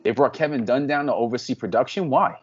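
A man's voice: medium pitch, fast talker, slightly rough, dull audio. A man co-hosting a casual podcast, ranting with plenty of swearing and sudden bursts of exasperation. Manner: profane, ranting, animated. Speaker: podcast co-host. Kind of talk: casual wrestling podcast chat.

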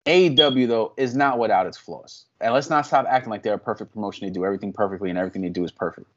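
A man's voice: fairly low pitch, very fast, dull audio. A man co-hosting a casual podcast, ranting with plenty of swearing and sudden bursts of exasperation. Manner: profane, ranting, animated. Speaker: podcast co-host. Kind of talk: casual wrestling podcast chat.

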